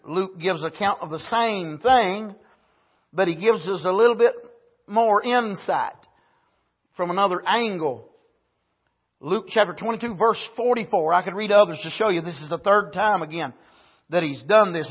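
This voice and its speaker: A man preaching a sermon, husky, punctuating points with amens and building to emphatic, rising bursts. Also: high voice, dull audio. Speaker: pastor.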